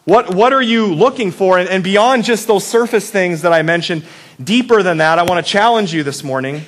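A man's voice: high-pitched, moderate pace. A male pastor giving a casual, joking Easter sermon, often checking in with "right?" and asking the audience reflective questions.

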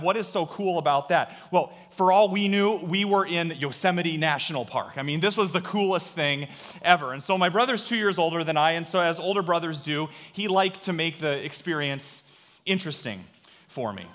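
A man telling a childhood story as part of a sermon, animated, dropping to a hush for quoted voices. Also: a little high, moderate pace. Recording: long hall reverb.

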